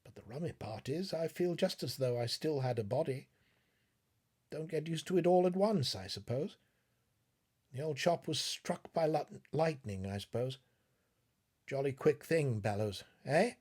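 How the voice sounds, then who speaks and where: A man voicing a frightened, bewildered young male scientist in an audiobook, exclaiming in a husky voice. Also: a little high, expressive, a little slow, darkish tone. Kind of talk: audiobook reading.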